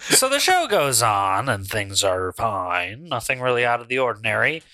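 A man co-hosting a podcast, recapping slowly and haltingly with many fillers in casual comedic chat. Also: medium pitch, big pitch swings, sharp tone, no echo. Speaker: podcast co-host recapping a wrestling game.

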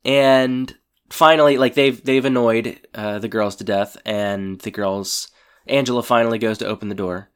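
A man co-hosting a casual chat, retelling a TV episode in a relaxed, loose way. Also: mid-range voice, normal speed, smooth. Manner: relaxed, loose storytelling with fillers.

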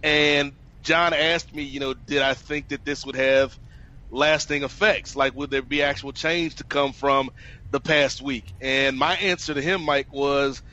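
Man host, bright forceful voice, slightly high, chatty podcast tone, lo-fi audio. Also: steady tone, unhurried. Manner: conversational, addresses co-host by name. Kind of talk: casual podcast discussion.

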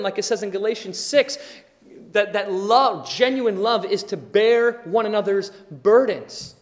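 A pastor giving a sermon in a relaxed, conversational way, acting out little everyday scenes as he goes. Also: high voice, a little slow. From Wisconsin, USA. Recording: long hall reverb.

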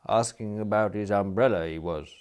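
Guy doing a stiff cloakroom attendant, quiet, low and a bit cold. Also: expressive, moderate pace, natural voice. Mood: cool. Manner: subdued, coolly deferential. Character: stiff, disapproving male club cloakroom attendant.

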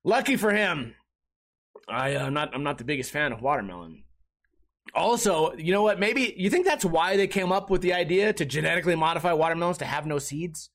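A man's voice: fairly high pitch, lively intonation, fairly quick, fairly bright tone. A man hosting a comedy podcast, telling crude, profane stories in a rambling, restart-filled way. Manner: crude, profane storytelling with laughter. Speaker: podcast host and streamer. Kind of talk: comedic casual chat.

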